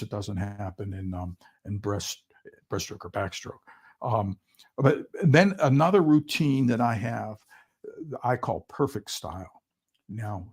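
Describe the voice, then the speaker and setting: A man speaking as a swim coach, presenting an online seminar with slides in a halting way, with frequent ums and restarts. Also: on the low side, gravelly, darkish tone, slightly rough.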